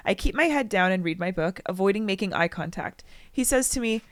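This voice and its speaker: A woman's voice: medium pitch, lively intonation, a little fast, dry recording. A young adult woman co-hosting a podcast, reading a listener's story aloud in casual chat and breaking off to joke and comment. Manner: chatty, breaks off to joke and comment, acts out quotes loudly.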